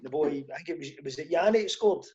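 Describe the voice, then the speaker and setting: High-voiced Scottish man teasing a teammate. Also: lively intonation, quick pace, mellow, highs cut off. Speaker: footballer guest. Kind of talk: casual storytelling.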